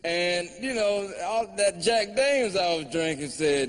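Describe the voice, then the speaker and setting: A man works a live comedy crowd in a wry, drawling storytelling style. His voice sits a bit high, and it rings in a reverberant hall over faint ambience. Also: lively intonation, a little slow, hardly any pauses, a little hiss or hum. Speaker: stand-up comedian. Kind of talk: stand-up comedy.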